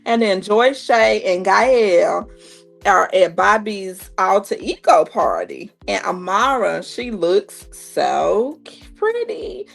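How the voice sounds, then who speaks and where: A woman in her thirties doing a casual, animated recap of a reality show, full of slang and quoted reactions. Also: medium pitch, measured pace, vocal fry, faint music behind. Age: 30s.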